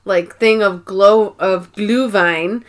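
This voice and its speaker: A woman's voice: medium pitch, fairly even intonation, takes it slowly. A young woman chats through an episode recap with her co-host, piling on "like" and "um." Her talk is loose and casual, with the occasional swear word. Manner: chatty, swearing, frequent "like" and "um". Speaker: podcast co-host.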